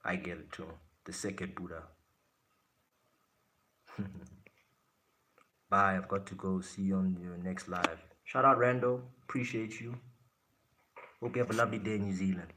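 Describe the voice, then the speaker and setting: A man's voice: sits low, steady tone, normal speed, long pauses, pushed and bright. A man from South Africa hosting a live stream, casually answering his chat in a blunt way and laughing often.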